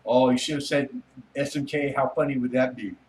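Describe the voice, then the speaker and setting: A man's voice: medium pitch, steady tone, a little fast, a little mellow, recorded from a distance, a little hiss or hum, rough recording. Rambling joking man on a livestream. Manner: rambling, joking, laughs often, swears casually. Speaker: livestream host chatting with viewers. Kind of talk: casual late-night livestream chat.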